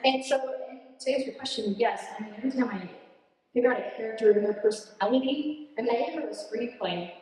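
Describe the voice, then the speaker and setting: A young woman in her late teens giving an earnest, animated student presentation and answering questions, laughing at herself now and then. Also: a little high, quick pace. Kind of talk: presentation speech and Q&A. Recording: echoey hall, distant mic.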